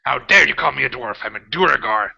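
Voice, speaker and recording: A man voicing a hostile, sneering male deep dwarf leader who spits contempt at strangers. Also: animated, fairly quick, vocal fry, crowd noise. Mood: scornful. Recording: dull lo-fi home recording.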